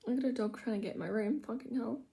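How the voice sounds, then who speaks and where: A woman's voice: on the high side, fast, gravelly, mellow. A woman who has children, chatting loosely and self-mockingly while doing her makeup in her room at home. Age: adult with children. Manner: rambling, chatty, self-mocking, drops to mutters. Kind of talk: casual get-ready-with-me chat.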